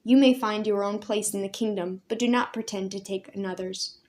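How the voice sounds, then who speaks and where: A grave male ranger commander speaks with stern, measured authority, as a woman storyteller puts him on. He delivers each reproach slowly and solemnly, in a mid-pitched voice, like a leader passing judgment in a storybook. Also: steady tone, a little mellow, natural voice.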